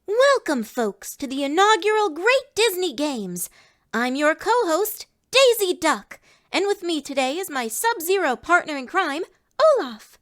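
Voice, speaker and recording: A woman's voice: very high-pitched, very animated, unhurried, fairly bright tone, exaggerated voice. A woman voicing a chipper adult female cartoon duck who co-hosts as an announcer, in a fan audio drama. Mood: announcing. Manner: bubbly showbiz announcing. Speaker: co-host announcer.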